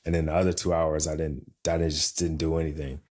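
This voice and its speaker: A middle-aged man on a podcast, chatting casually and telling an animated story, acting out the voices of the people in it. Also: very deep voice, a little fast. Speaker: podcast co-host. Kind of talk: casual chat.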